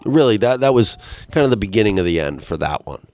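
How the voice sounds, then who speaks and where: A young man hosting a casual solo podcast, telling a rambling, profane story and jumping into high, excited quoted voices. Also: quick pace. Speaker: podcast host.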